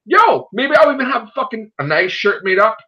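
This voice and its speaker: A man hosting his online show, talking in a loud, profane, animated rant in casual chat. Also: high-pitched, normal speed. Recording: dull lo-fi sound.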